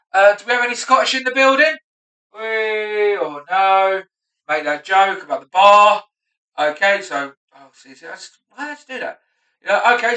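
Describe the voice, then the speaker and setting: A man in his thirties rehearses a stand-up set aloud alone at home, swearing freely, mocking himself and muttering asides between punchlines. His high voice sounds bright and edgy. The camera is across a slightly echoey room, so the sound is roomy and distant.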